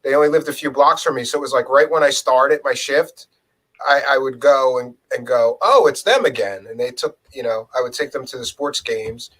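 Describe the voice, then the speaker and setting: A man's voice: mid-range voice, level tone, fairly quick, fairly bright tone, rough recording. A man chatting casually and bluntly, swearing and quoting people in his stories. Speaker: co-host, former rideshare driver. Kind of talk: casual storytelling chat.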